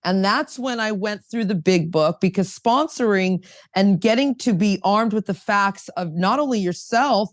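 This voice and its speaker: A woman's voice: mid-range voice, measured pace, no room sound, clean studio sound. A woman sharing her story at a recovery roundtable in an earnest, emphatic way, often repeating herself. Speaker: roundtable participant, sponsor. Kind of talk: casual recovery-meeting sharing.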